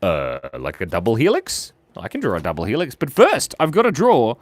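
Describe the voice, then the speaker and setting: A man's voice: mid-range voice, huge pitch swings, brisk, no room sound. A man hosting a live drawing stream, chatting with viewers in a playful, silly way. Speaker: online drawing show host.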